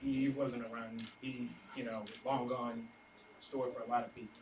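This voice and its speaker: A young man giving an unprepared, halting speech, choked up with emotion. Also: mid-range voice, little pitch movement. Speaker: speaker's son. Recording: echoey hall, distant mic, room noise.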